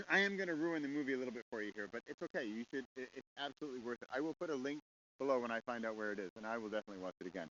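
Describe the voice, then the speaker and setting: A man's voice: fairly high pitch, vocal fry. A man hosting a casual monologue, rambling with rhetorical questions and frequent chuckles, on a slightly dull recording with faint hiss. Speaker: host.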